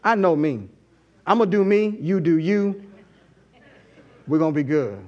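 A man's voice: on the high side, expressive, measured pace, a little mellow, lo-fi sound. A man voicing Peter, an overconfident male disciple who talks in a brash, self-assured way. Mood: boastful.

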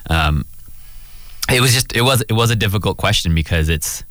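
A man with a deep voice, recorded dry and close. He speaks thoughtfully and hesitantly as a radio host, circling back to finish his point. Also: animated, normal speed, fairly bright tone, dry recording. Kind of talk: casual chat.

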